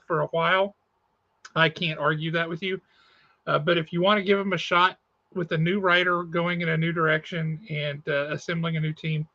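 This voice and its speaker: A man's voice: a little high, a bit bright, no room sound, highs cut off. A man hosting a comic shop podcast over a video call, chatting casually and reviewing comics in an easygoing, self-correcting way.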